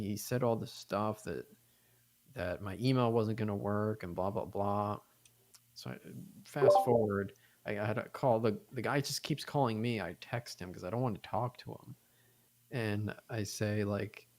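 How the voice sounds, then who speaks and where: A young man with a fairly low voice rambles through a story in loose podcast chat. He swears freely and slips into the voices of the people he quotes. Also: creaky. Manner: rambling, profane, animated retelling with quoted voices. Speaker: podcast co-host.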